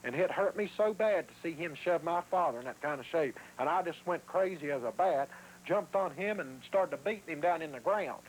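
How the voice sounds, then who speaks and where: A man's voice: on the high side, expressive, moderate pace, slight background noise, low-quality recording. A man telling his story in a documentary interview, acting out what others said. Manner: vivid retelling, acting out quoted voices.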